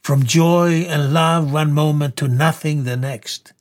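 A man reading a deep, wounded male voice. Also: fairly even intonation, takes it slowly. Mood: aggrieved pleading. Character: man Simon speaking through a woman, deep and aggrieved.

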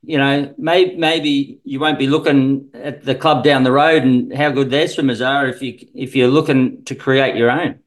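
A man's voice: mid-range voice, fairly even intonation, moderate pace, hardly any pauses, low-quality recording. A man, a swimming coach, talking casually on a podcast in a rambling, unpolished way. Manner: rambling, many fillers and restarts. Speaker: swim coach guest.

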